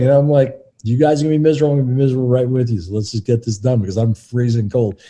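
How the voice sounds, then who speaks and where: A middle-aged man rattles through behind-the-scenes stories at a quick clip, his voice dark and mellow. He slips into the voices of the people he quotes as he tells each story. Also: medium pitch. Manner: animated, acts out quotes of others. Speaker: film assistant director, guest. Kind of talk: anecdotal interview storytelling.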